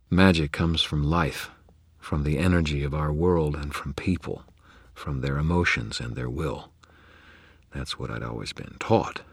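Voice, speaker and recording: A man narrating first-person fiction in a grave manner, often dropping into a hushed whisper. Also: very deep voice, husky, no room sound. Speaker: audiobook narrator.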